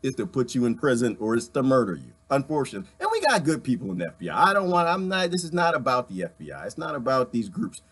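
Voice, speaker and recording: A man's voice: mid-range voice, wildly swooping pitch, fast talker, few pauses, fairly bright tone, breathy edge. A man from the United States hosting a live stream, fired up and preachy as he talks straight to his viewers and reads their comments.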